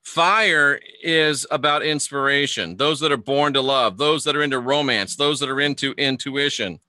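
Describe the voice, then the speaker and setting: Chatty man with a very bright voice. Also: medium pitch, moderate pace, no echo. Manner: chatty, reads viewer comments aloud, stumbles and restarts. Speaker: livestream host teaching astrology. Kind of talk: casual livestream lesson reading chat.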